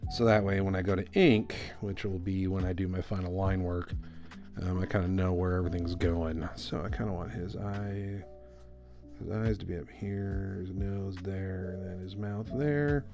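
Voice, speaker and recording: A man streaming a live drawing session, talking through his work in a relaxed, rambling way with lots of fillers. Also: deep voice, normal speed, lo-fi sound, over music. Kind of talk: casual commentary while drawing.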